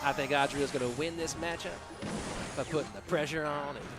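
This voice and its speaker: A man's voice: a little high, a little fast. A man casting a live game match, chatty and joking, and answering his chat between plays. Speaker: esports caster. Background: background music.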